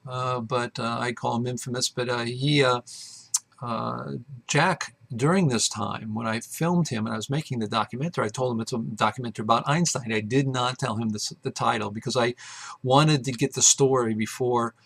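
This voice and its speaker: Guy rambling through a story, lots of uhs, gravelly voice, middle pitch. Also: steady tone, moderate pace, a bit bright. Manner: rambling, many fillers and restarts. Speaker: host. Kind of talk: casual storytelling to camera.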